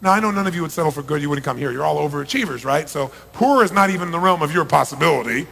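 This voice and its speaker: A middle-aged man giving a motivational seminar talk to an audience, emphatic, swinging from hushed lines to shouts. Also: a little high, rapid-fire, gravelly. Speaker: motivational speaker. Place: large event hall. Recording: long reverb of a large hall.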